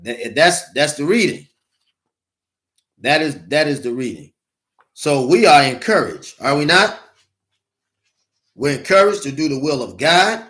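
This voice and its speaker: A man's voice: on the high side, expressive, a bit bright. A man preaching a sermon as a minister, repeating rhetorical questions to his listeners. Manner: reads scripture slowly and deliberately.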